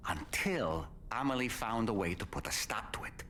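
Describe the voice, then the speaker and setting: A man's voice: fairly low pitch, expressive, normal speed, sharp tone, a little hiss or hum. An actor playing an adult man who questions a courier and recounts past events in video game dialogue. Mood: probing.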